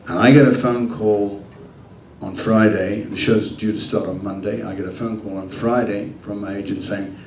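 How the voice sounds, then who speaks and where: An older man with a fairly low voice answers fan questions on a convention stage, telling lively anecdotes and acting out the dialogue. He laughs often as he goes. He sounds distant and roomy, as if picked up from across a big echoing hall, with a faint hum underneath. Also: moderate pace. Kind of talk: convention Q&A storytelling. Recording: echoey hall, heard from far off, faint hum.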